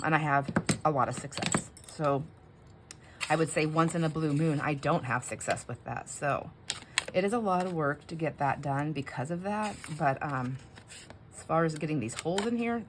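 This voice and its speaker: Low-voiced woman chatting while crafting. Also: normal speed, noisy background. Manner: rambling, chatty, with many fillers. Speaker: craft channel host. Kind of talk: casual craft chat. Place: home craft room.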